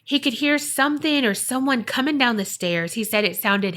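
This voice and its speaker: A woman's voice: fairly high pitch, normal speed, few pauses. A woman hosting a podcast, casually telling a paranormal story and acting out the voices of the people in it. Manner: lively, acts out quoted voices. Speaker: podcast host.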